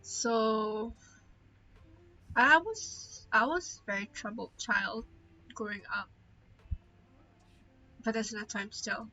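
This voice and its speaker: Tearful young woman, slow heartfelt talk. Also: mid-range voice, little pitch movement, sharp tone, lo-fi sound. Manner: open, heartfelt, trailing off with many fillers. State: tearful, holding back tears. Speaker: streamer. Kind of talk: candid casual chat.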